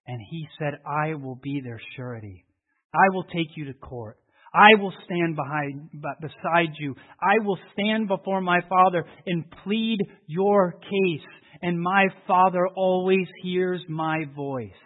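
A man preaching a sermon, telling a story and then making emotional appeals that swell and drop to hushed prayer. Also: a little high, measured pace. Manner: emotional, rising to fervent appeals and dropping to hushed tones. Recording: tinny phone-like audio.

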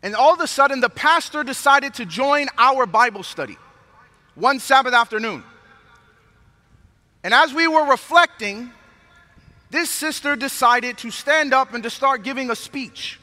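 A man preaching a sermon to a congregation, moving from a hushed prayer to animated storytelling. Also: very high voice, unhurried, pauses often. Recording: long hall reverb.

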